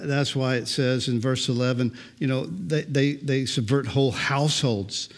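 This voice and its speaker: An older man preaching a sermon as pastor, talking in a loose conversational way and often repeating words as he goes. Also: medium pitch.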